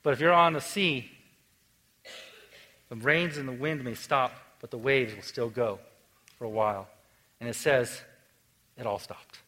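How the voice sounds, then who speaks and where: A man preaching a sermon in a casual, conversational way, moving between lively emphasis and quiet, hushed stretches. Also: medium pitch, unhurried, long pauses, low-quality recording. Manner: conversational, swings from energetic to hushed. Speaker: pastor.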